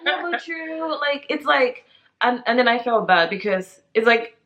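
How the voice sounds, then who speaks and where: A woman's voice: on the high side, expressive, a little slow, crowd noise. A young woman hosting a casual chat about motherhood, talking in a chatty way, laughing often and acting out quotes. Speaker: channel host. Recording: slightly dull lo-fi sound.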